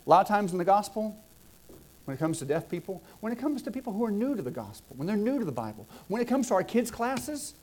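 A middle-aged man from Southwest Georgia preaching a sermon, building phrases up with emphasis and then dropping into soft asides. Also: high-pitched, very animated, a little fast.

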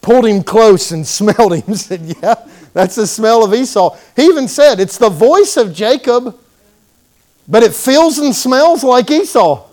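A male preacher delivers a sermon in a church with an animated storytelling manner, acting out the people in the story. His voice sits high for a man, and he takes his time, drawing out his words slowly. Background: congregation calling out responses.

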